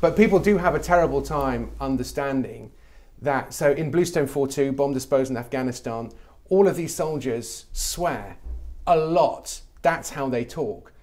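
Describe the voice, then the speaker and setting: A man's voice: medium pitch, moderate pace, hardly any pauses, a little mellow. A middle-aged man from England, a comedy writer talking animatedly in an interview and slipping into mock voices when he quotes people. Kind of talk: conversational interview.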